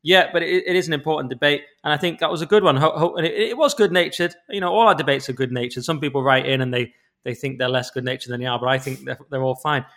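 A man co-hosting a podcast in casual chat, chatty and quick, often repeating words as he goes. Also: a little high, fairly bright tone. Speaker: podcast co-host, former comedian.

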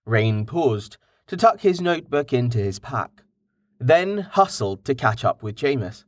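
Male audiobook narrator, mid-pitched, measured and slow. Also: dry recording, studio quality. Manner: measured, even reading.

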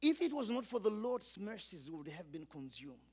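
A man delivers a sermon in a high voice. He preaches with emphasis, stacking repeated phrases and swinging between loud and quiet passages as he leads his listeners. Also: big pitch swings, moderate pace, breathy edge. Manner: emphatic, repetitive build-ups, urges congregation to repeat.

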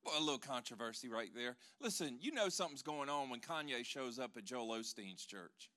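This pastor's voice is medium-pitched and a little fast as he preaches. His sermon is animated, shifting from loud proclamations to hushed tones, and he makes joking asides to the congregation.

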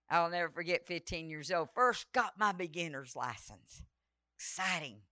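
A woman's voice: lowish voice, animated, normal speed, sharp tone, dry recording, clean studio sound. A woman preaching a revival sermon, telling a personal story with dramatic flair and acting out the dialogue. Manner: dramatic, breaks into sung prayer, acts out quoted dialogue.

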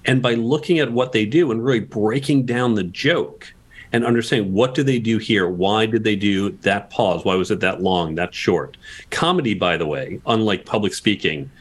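A man's voice: fairly low pitch, normal speed, husky. A man guest on a podcast interview, explaining communication tips and asking rhetorical questions as he goes.

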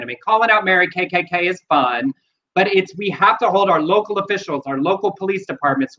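A man's voice: sits high, pushed and bright, muffled recording. A man co-hosting a podcast, speaking earnestly and persuasively about politics and news. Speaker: podcast co-host. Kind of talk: casual chat, commentary.

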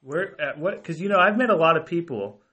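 A man's voice: on the high side, animated, fairly quick, bright, forceful tone. A man hosting a podcast, asking questions cautiously and hedging before he gets to the point. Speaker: podcast host. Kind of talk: casual podcast interviewing.

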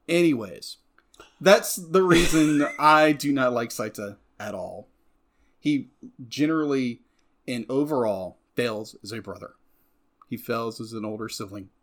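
A man's voice: medium pitch, fairly bright tone. A man co-hosting a film discussion, ranting with passion about a character he dislikes. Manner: heated, ranting, voice swings up when angry. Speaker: co-host. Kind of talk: passionate film review chat.

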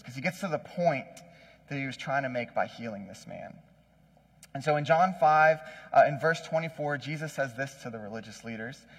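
A man's voice: mid-range voice, slightly rough. A man giving a casual, conversational sermon, often checking in with the listeners. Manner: conversational, says "like" and "right?" often. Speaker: preacher. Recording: long hall reverb.

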